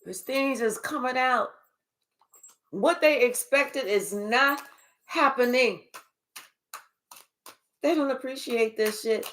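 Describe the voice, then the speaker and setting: A woman giving a casual spiritual reading in a high voice, taking her time over each phrase. She talks in an animated, profane way and often slips into acted-out voices of the people she describes. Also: takes it slowly, long pauses. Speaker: spiritual reader. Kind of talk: casual live reading monologue.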